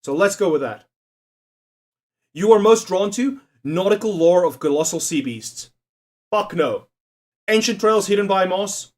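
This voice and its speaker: A man's voice: high voice, expressive, unhurried, long pauses. Joking, foul-mouthed streamer man. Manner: profane, joking, laughs often, talks to chat. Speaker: live streamer. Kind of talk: casual live-stream chat while doing a quiz.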